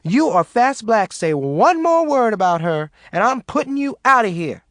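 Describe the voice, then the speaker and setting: A man voicing a fed-up, sharp-tongued young Southern mother who snaps at everyone. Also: high voice, big pitch swings, normal speed, no room sound, clean studio sound, voice pushed up. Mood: exasperated. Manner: exasperated, snapping.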